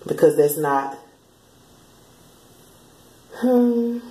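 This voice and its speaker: A woman's voice: on the low side, expressive, extremely slow, dark tone, roomy sound, poor audio. A woman, chatting casually as she passes on spiritual channeled messages, often slipping into quoted voices. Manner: chatty, laughs often, slips into sung lines and quoted voices.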